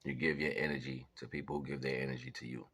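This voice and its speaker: A man's voice: rumbling low, steady tone, fast, vocal fry, fairly bright tone, slightly rough. A man talking casually and rambling through life lessons and stories, laughing often and acting out voices. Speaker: vlogger sharing life lessons. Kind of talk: casual storytelling monologue.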